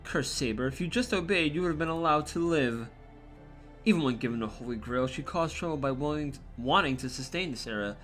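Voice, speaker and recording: A cold male villain from a fantasy game, contemptuous and lecturing as he gloats, read aloud by a man. The voice is bright and sits a little high, swinging widely in pitch, with faint game music underneath. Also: animated, a little fast. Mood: gloating.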